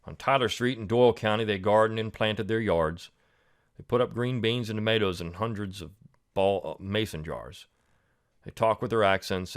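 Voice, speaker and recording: A man, hosting and reading a reflective poem before giving commentary in a measured way. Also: on the low side, clean tone. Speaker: host.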